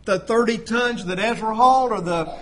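A man preaching a sermon, emphatic, swinging between loud appeals and quiet asides, asking rhetorical questions. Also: high voice, moderate pace, a little hiss or hum. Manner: emphatic, rising and dropping volume, rhetorical questions.

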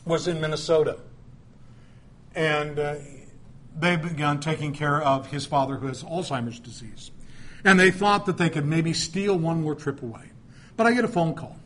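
Conversational middle-aged male preacher. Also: a little high. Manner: conversational storytelling with asides. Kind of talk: sermon.

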